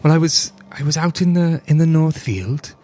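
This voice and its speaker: A woman voicing a shaken, bedridden young village woman in a put-on Welsh accent, halting and repeating her words. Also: low-pitched, warm tone, natural voice.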